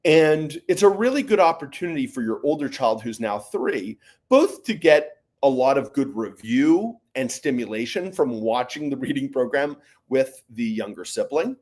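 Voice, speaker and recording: Male Q&A host, lively pitch, casual explainer with fillers. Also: moderate pace, few pauses. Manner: conversational, with frequent fillers and "right?" tags. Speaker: host answering parent questions.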